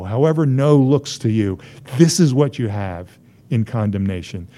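A man's voice: lowish voice, normal speed, dark tone. A man preaching a sermon as a pastor, driving his points home through emphatic, rising repetition.

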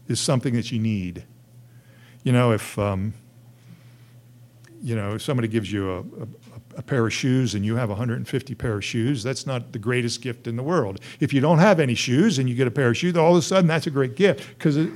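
A man delivers a sermon in an earnest pastoral voice at a middling pitch. He swings between rising, emphatic peaks and quiet, hushed asides. His phrasing is conversational and full of restarts.

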